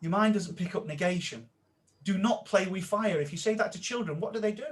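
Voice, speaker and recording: A man with a slightly higher voice, talking as a mindset coach on a podcast. He speaks with animated energy and sinks to a hushed tone when he acts out someone's inner voice. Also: brisk. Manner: animated, drops to a quiet voice when quoting self-talk. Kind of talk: casual podcast interview.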